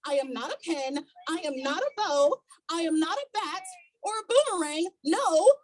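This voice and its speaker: A woman's voice: extremely high pitch, expressive, normal speed, crowd noise. A woman voicing a plucky male stick figure, lost and longing for home, who repeats his refrain in an earnest, sing-song way. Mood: insistent.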